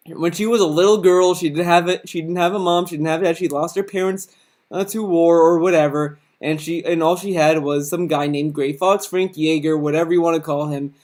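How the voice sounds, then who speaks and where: A man's voice: on the high side, steady tone, darkish tone. A man hosting his own video, giving a casual, crude comedic rundown of characters, rambling with lots of fillers and restarts. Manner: mocking, puts on quick sarcastic quoted voices. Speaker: video host.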